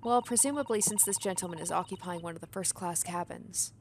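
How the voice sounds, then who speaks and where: A woman's voice: on the low side, fairly quick, noisy background, lightly acted. A woman voicing a courteous, formal young female assistant while reading a game aloud.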